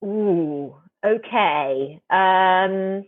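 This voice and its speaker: A woman's voice: mid-range voice, drawn-out words, dry recording. A woman author speaking as an interview guest, thoughtful and wry, often restarting her sentences. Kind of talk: casual interview chat. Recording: tinny phone-like remote call line.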